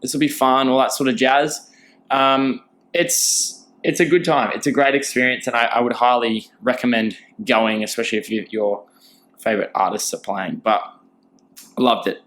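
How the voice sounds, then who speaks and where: A man's voice: mid-range voice, normal speed, fairly bright tone. A young man hosting a casual solo podcast, chatty and rambling, with lots of fillers and restarts. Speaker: podcast host.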